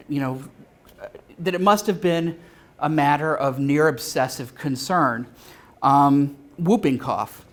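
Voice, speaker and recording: At a convention, a man with a slightly high voice delivers a live talk marked by frequent pauses, filler sounds, and restarts. Now and then he slips in a dry, joking aside.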